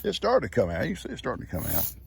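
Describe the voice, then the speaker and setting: A man's voice: mid-range voice, huge pitch swings, fast talker, gravelly, a little hiss or hum. A man, chatting and teasing his goats outdoors on a farm in a playful, chuckling way. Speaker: farm video host. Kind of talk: casual talk to his animals.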